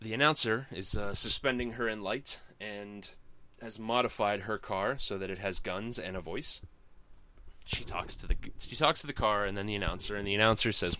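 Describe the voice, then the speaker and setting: A man's voice: lowish voice, normal speed, pushed and bright, no room sound. A man hosting a comics podcast, giving a casual, rambling and jokey recap that often interrupts itself.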